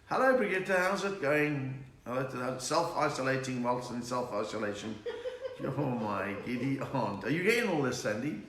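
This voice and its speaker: A man's voice: medium pitch, lively intonation, moderate pace, fairly bright tone. A middle-aged man, hosting a casual live stream and greeting viewers by name with jokes. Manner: chatty, reads out viewer names and greetings, jokey. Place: room at home. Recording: roomy echo with faint noise.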